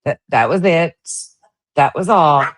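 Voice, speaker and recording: A woman's voice: low voice, lively intonation, a little slow. A woman hosting a casual commentary show, reacting to stream clips in a sarcastic, profane and mocking way. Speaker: host.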